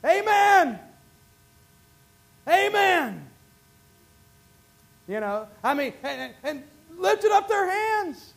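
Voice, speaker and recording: A preacher with a very high voice for a man. He drops to quiet asides, then climbs into shouted, drawn-out bursts of praise. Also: very animated, creaky. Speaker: pastor. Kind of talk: sermon.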